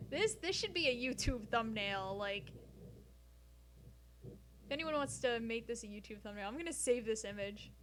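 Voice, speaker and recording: A woman with a somewhat high voice chats on a live stream from her floor at home. She talks loosely and profanely, drifting off topic and cracking jokes between bits of science. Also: expressive, normal speed, long pauses, fairly bright tone, a little hiss or hum. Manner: profane, rambling, jokey. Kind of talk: casual live-stream chat.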